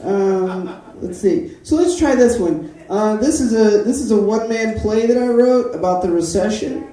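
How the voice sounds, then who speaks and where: A stand-up comedian performing an open-mic set in a club, animated and quick to slip into character voices and sung jingles. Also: mid-range voice. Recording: echoey room, mic from a distance.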